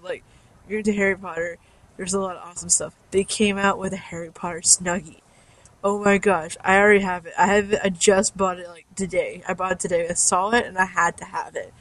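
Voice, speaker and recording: A young woman fan chatting casually to her listeners, bubbly and rambling with lots of likes and ums. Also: mid-range voice. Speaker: fan podcaster. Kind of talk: casual chat.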